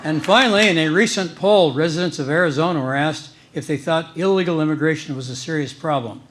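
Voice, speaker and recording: A man doing stand-up comedy on stage, delivering jokes with a deadpan punchline style. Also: a little high, fairly quick, a little hiss or hum.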